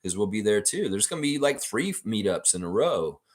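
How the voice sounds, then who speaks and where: A fan channel host runs a livestream, ranting animatedly and reading viewer comments straight to his audience in a casual, profane style. His voice is fairly low and a little fast.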